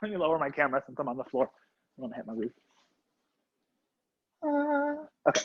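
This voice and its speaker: A young man teaching a color guard class over a video call from his home, upbeat and casual, counting out loud and coaching students by name. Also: a little high, huge pitch swings, fairly quick, breathy edge. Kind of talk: live online class instruction. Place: home room, on the floor. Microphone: laptop webcam on a video call. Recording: dull lo-fi video call audio.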